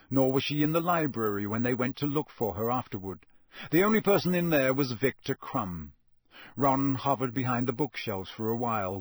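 A man narrating a storybook in a measured, expressive way. His voice is mid-pitched and recorded close, dry and without room sound. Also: no echo. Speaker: audiobook narrator.

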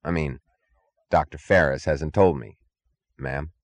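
A man's voice: a bass voice, a little slow, no echo. A man reading an audiobook, voicing a frightened male guard who stammers and pleads in a whine. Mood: pleading, panicky.

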